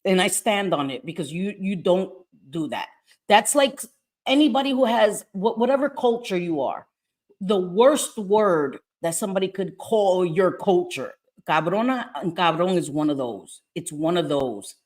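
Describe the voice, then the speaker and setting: A woman hosting a livestream in casual chat, brash, profane and animated. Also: on the low side, moderate pace. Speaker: livestream host. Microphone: streaming mic.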